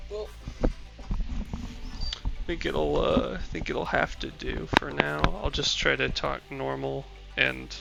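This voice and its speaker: A man's voice: mid-range voice, steady tone, takes it slowly, creaky, long pauses, over loud music. A man casually talking to himself while he streams a game, muttering offhand remarks as he plays, recorded on a headset mic. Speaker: gamer streaming a playthrough. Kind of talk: casual gameplay commentary. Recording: dull lo-fi headset audio with faint hiss.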